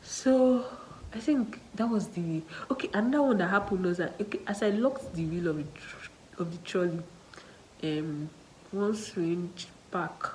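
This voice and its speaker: A young woman with a Nigerian accent, chatting to her vlog audience about her day. Her voice sits a little low for a woman, and she tells the story in a lively, animated way. She drops in local slang as she talks. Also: unhurried, a little hiss or hum, rough recording. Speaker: student nurse vlogger. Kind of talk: casual storytelling to camera.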